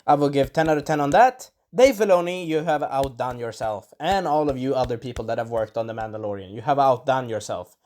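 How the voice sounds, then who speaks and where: A man of middling pitch talks through an episode review in a loose, rambling way. He corrects himself mid-sentence and stops now and then to clear an irritated throat. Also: a little fast, hardly any pauses, a little mellow. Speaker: show reviewer. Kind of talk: casual spoken episode review.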